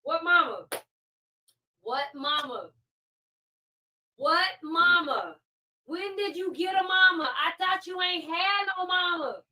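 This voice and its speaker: High, bright-voiced woman ranting on a livestream. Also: animated, unhurried, long pauses. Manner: fiery, repetitive ranting, rhetorical questions. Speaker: live-stream host. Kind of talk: heated live-stream commentary. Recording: distant mic.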